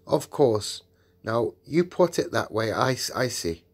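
A man's voice: mid-range voice, big pitch swings, measured pace. A man reading an audiobook and voicing a blunt, decent eldest schoolboy with a raised, exclaiming manner. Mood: apologetic.

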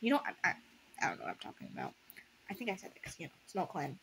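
A woman's voice: on the low side, huge pitch swings, racing, vocal fry, fairly bright tone, slight background noise. A woman casually reading a fan story aloud and breaking off for sarcastic, laughing commentary. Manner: sarcastic, laughs often, unscripted. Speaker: audiobook reader and commentator.

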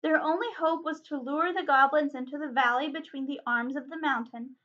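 A woman librarian reading a chapter book aloud in an expressive, dramatic way. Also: high-pitched, brisk. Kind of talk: storybook read-aloud. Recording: dull lo-fi recording.

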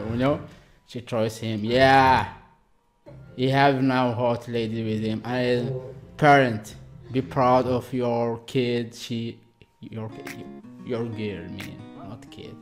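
A man from Algeria hosting a reaction video, talking excitedly in broken English with many exclamations. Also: mid-range voice, slow, faint music behind.

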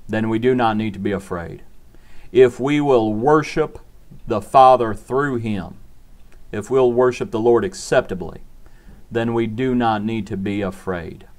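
A man's voice: mid-range voice, a little mellow. A man preaching a short devotional sermon in an earnest, repetitive cadence.

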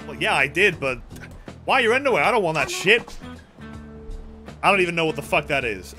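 A man's voice: fairly high pitch, lively intonation, a little fast, long pauses, bright, forceful tone, soft background music. A young man streaming a video game, swearing a lot, joking and reading the dialogue aloud. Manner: sweary, playful, reads game text aloud. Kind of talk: let's play commentary.

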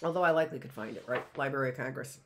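A woman's voice: a bass voice, very fast, fairly bright tone, a little hiss or hum. A middle-aged woman teaching a live history lesson, reading from notes and breaking off into chatty asides and rhetorical questions.

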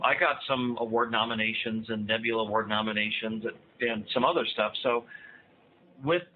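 An American man in his fifties speaks as a guest author in a casual interview. He is enthusiastic and rambling, and he often restarts his phrases. His voice comes through a thin, phone-like line with faint hiss. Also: medium pitch. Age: 50s. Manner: enthusiastic, chatty, many restarts. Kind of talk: casual interview over a call.

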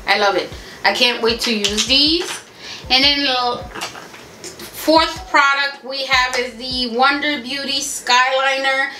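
A slow-talking woman from Haiti with a bright, high voice gushes casually about beauty products, recorded on a camera mic. The room around her is echoey, with a faint hum of household ambience. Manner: chatty, gushing, addresses viewers as y'all. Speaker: beauty vlogger. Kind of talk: casual unboxing review. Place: home room with family noise around.

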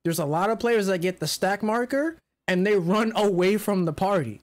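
A man co-hosting a podcast, chatting casually and telling animated, profanity-laced stories. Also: high voice, moderate pace. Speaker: podcast co-host. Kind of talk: casual chat.

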